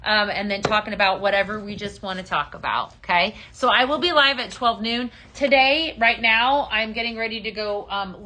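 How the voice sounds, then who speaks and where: A woman's voice: on the high side, sharp tone. A woman hosting a casual live-stream shopping show, chatty and upbeat, with many ums, calling viewers her friends.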